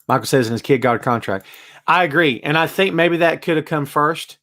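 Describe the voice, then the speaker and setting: A man hosting a casual live-stream chat, reading viewer comments aloud and answering them in an animated, emphatic way. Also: a little fast. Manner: wide swings in pitch and loudness, emphatic. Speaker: host.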